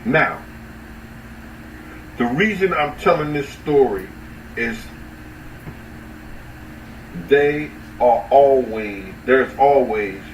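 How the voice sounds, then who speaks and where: A man hosting a casual livestream, talking loosely and profanely to his chat, with sudden high-pitched outbursts. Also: distant mic. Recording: roomy echo, off-mic, faint ambient noise.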